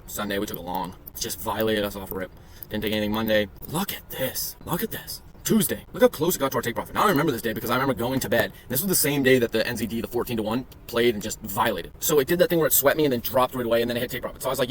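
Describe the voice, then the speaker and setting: Reviewing his trading charts in a casual screen share, a day trading vlogger talks at a racing clip with crude humor and profane, meandering asides. His voice is medium-pitched, expressive, and a bit bright, with slight background noise.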